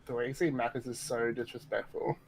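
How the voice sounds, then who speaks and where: A man from Australia with an Australian accent, chatting casually as a guest, playful and quick to laugh at himself. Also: medium pitch, level tone, low-quality recording. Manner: playful, laughing, self-mocking. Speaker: guest on a stream. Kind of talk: casual chat.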